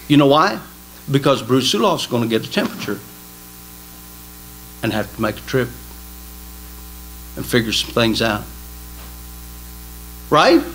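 A man preaching a sermon in a small church, emphatic and folksy, swinging between loud exhortation and quiet asides. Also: medium pitch, a little hiss or hum, rough recording. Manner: folksy, jokes with the congregation. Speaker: pastor.

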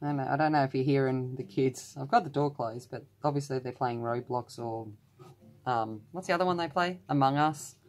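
An Australian woman with a low voice talks through her colouring in a relaxed, chatty way. She drifts into rambling side stories and pokes fun at herself. It sounds like a room at home. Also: fairly quick. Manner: chatty, rambling asides, self-deprecating. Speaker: colouring channel host. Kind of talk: casual tutorial chat while colouring. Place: room at home with the door closed.

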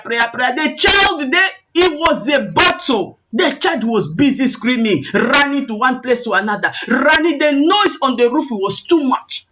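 Preaching over muffled, lo-fi online call audio with a noisy background, a woman evangelist gives her testimony, acting out quotes and praying in impassioned, repetitive calls. Her voice sits high and is animated and unhurried, with few pauses.

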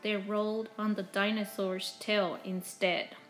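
A woman teacher reading a children's picture book aloud to her pupils, slow and expressive. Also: medium pitch, over loud music, low-quality recording. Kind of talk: children's storybook read-aloud.

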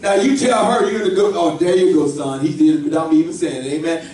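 Preaching man, higher voice, echoey church. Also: quick pace, hardly any pauses, distant mic, faint music behind. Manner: rises to loud shouted preaching peaks. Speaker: pastor. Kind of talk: sermon. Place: church sanctuary.

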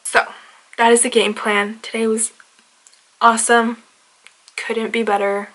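A woman's voice: a little high, level tone, unhurried, fairly bright tone, low-quality recording. A young woman in her twenties talking casually to her camera, chatty and gushing, drawing out words for emphasis. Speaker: vlogger. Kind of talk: casual vlog talk to camera. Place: inside a parked car and at home.

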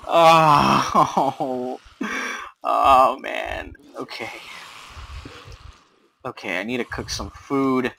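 A young man plays through a game and comments as he goes, at a slow, drawn-out pace. He mutters under his breath when nervous and bursts into panicked yells when things go wrong, swearing freely. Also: medium pitch, fairly even intonation, creaky, slight background noise, low-quality recording. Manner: jumpy, swings from hushed muttering to panicked yelling, swears a lot. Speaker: gamer.

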